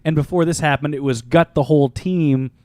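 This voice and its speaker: A man's voice: a little high, a little fast, darkish tone, no echo. Chatty man with a dry close sound. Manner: rambling, laughs often, trails off into fillers. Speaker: podcast co-host. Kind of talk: casual sports chat.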